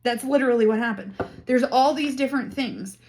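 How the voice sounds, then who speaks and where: A woman's voice: on the high side, a little fast, a little mellow, slight background noise. A woman talking straight to camera in a casual monologue, indignant and emphatic as she builds her case. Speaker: vlogger.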